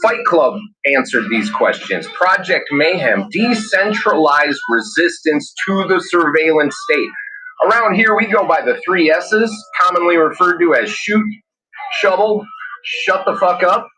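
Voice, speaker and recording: A man's voice: on the high side, a little slow, slight background noise, low-quality recording. A man co-hosting a podcast in casual talk, ranting with heavy swearing. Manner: ranting, profane, animated. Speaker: podcast co-host.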